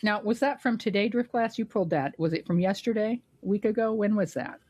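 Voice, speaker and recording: A woman's voice: mid-range voice, fairly quick, darkish tone, breathy edge, no echo. A woman co-hosting a political podcast, speaking bluntly and with scorn. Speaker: podcast co-host. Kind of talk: political commentary chat.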